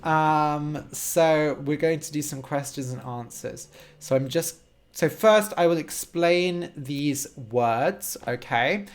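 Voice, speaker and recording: Slow-talking man teaching English. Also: on the high side. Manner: slow, simple, encouraging explanations with frequent "okay?". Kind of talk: live-streamed English lesson. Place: home room.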